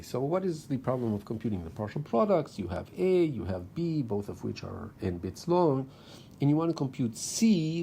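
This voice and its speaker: Lively, low-voiced man giving a lecture. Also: gravelly, slight background noise. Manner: explains step by step, talking through drawings with frequent "okay". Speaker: university lecturer. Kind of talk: recorded lecture explaining slides.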